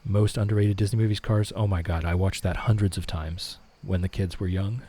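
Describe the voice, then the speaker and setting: A middle-aged man hosts a laid-back live stream, reading out comments and answering each one. His voice sits low, with a mellow, slightly husky tone. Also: fairly quick. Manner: relaxed, reads chat aloud and answers it.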